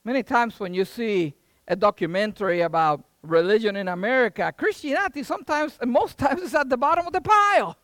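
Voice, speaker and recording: An emphatic preacher with a lively voice. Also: medium pitch, brisk, no echo. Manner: emphatic, rhetorical questions, folksy interjections. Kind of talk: sermon.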